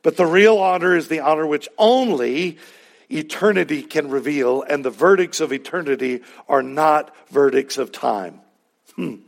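A male pastor preaching a sermon in a conversational, emphatic way, with sudden loud peaks. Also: on the high side, normal speed, gravelly.

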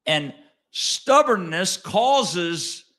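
A man preaching a sermon as pastor, swinging between quiet asides and loud emphatic lines and asking the congregation questions. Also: high voice, very animated, extremely slow. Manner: conversational, asks the congregation questions.

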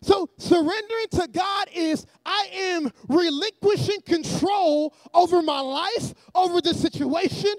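A man preaching a sermon in a church, energetic and often shouting, with joking asides to the congregation. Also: very high-pitched, a little slow, few pauses, no room sound.

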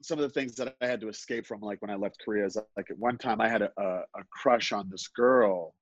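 A middle-aged man telling a personal story live on a podcast, halting and self-deprecating, with many restarts. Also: lowish voice, no echo, highs cut off. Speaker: guest storyteller.

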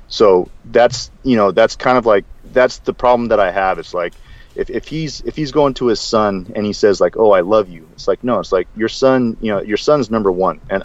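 Brief: low-voiced man, fast and chatty, ranting with restarts, dull lo-fi sound. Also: no echo. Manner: rambling, animated, with frequent restarts and "dude". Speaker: podcast co-host. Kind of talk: casual chat.

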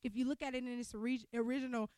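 A young woman giving an animated, conversational sermon to a women's gathering. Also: on the high side, very fast, clean tone, dry recording. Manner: animated, conversational preaching with laughter. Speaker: speaker at a women's church event.

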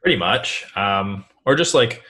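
A man with a deep, low voice talks through his answers in a relaxed interview. His delivery is loose and meandering, full of casual fillers. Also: a little slow. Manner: relaxed, rambling, many "like" fillers. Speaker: guest, online seller.

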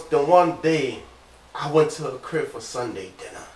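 A man's voice: medium pitch, moderate pace. A man co-hosting a casual talk show, telling a long story and acting out the lines of the people in it. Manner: animated storyteller, acts out quoted lines. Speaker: co-host. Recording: echoey room, distant mic.

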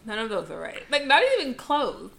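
A woman's voice: fairly high pitch, very animated, fairly quick, creaky, bright, forceful tone. Teasing woman quiz-giving co-host. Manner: teasing, runs quiz questions, laughs easily. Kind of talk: casual chat.

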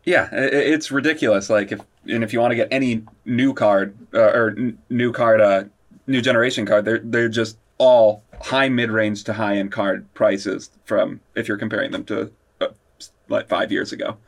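A man's voice: on the low side, fairly even intonation, moderate pace. A man co-hosting a casual tech chat, hesitant and stumbling over his words.

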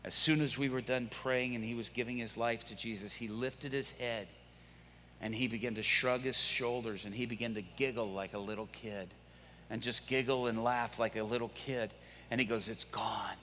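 A man preaching, telling a dramatic story in a vivid, animated way. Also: medium pitch, moderate pace, long reverb tail, slight background noise. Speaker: preacher, prison minister.

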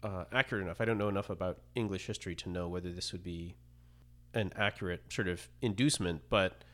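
Low-voiced man asking hedging questions. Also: fast, fairly bright tone. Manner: tentative, hedging long questions. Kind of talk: conversational interview questions.

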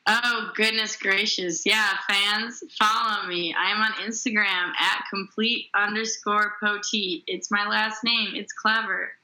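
Very bright-voiced young comedian woman. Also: medium pitch, fairly even intonation, poor audio. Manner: quick, self-deprecating, wry. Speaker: comedian guest. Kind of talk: casual podcast chat.

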